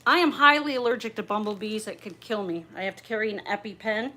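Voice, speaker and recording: A woman's voice: mid-range voice, fast talker, bright, forceful tone, a little hiss or hum. A middle-aged woman chatting on a livestream as she opens gifts, gushing, bubbly and a little raunchy. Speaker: livestream host opening gifts.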